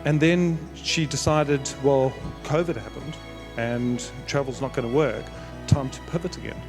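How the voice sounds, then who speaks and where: A middle-aged man giving a sentimental, halting wedding speech as father of the bride. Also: medium pitch, fairly even intonation, over music. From South Africa. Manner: sentimental, storytelling with halting restarts. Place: wedding reception.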